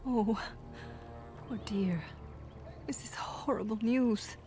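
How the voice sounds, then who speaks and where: An actress playing a kind, caring young woman in a game, speaking gently. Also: fairly high pitch, slow pace, faint music behind. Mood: concerned. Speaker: game character.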